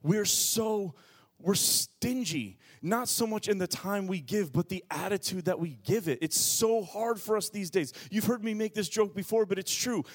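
A man in his thirties preaching from the pulpit with a slightly high voice. He swings between quiet, earnest passages and loud, playful bursts as he acts out little scenes for his congregation. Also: normal speed. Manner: animated preaching, shifting from hushed to shouted, acts out quotes. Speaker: pastor. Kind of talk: sermon.

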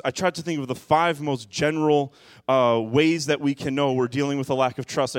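A man preaching a sermon as pastor, moving from quiet, musing passages to loud, impassioned bursts. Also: mid-range voice, no echo, studio quality.

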